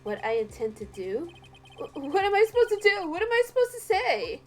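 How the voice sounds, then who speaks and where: A woman's voice: a little high, unhurried, close to an everyday voice. A woman voicing a flustered young male defense lawyer, as part of a game voice reading. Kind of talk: let's play voice reading.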